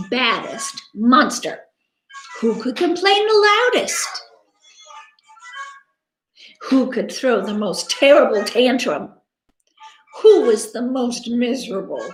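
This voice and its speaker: A woman reads a children's picture book aloud at an unhurried pace, her high voice swooping with expression. She gasps and invites her listeners to join in. The recording sounds echoey and roomy. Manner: animated, interactive, dramatic gasps. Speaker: teacher reading aloud. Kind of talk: children's story read-aloud. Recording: echoey room.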